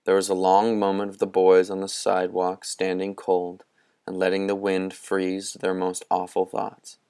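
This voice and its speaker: A man reading a novel aloud as a narrator, in slow, measured storytelling. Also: deep voice, monotone, mellow, clean tone, no echo. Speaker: audiobook reader. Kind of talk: scripted narration.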